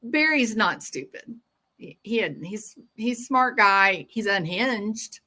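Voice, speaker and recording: A woman hosting a true-crime livestream in a loose, casual chat. She drawls slowly with a bright, forceful tone. Her talk rambles into sarcastic asides between viewer comments. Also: mid-range voice, expressive.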